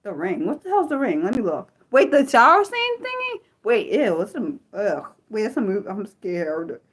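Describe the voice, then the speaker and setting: A young woman hosting an unscripted livestream, chatting to her viewers with animated restarts and repeated exclamations, easily spooked. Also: medium pitch, moderate pace, husky. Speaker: livestream host. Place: her room.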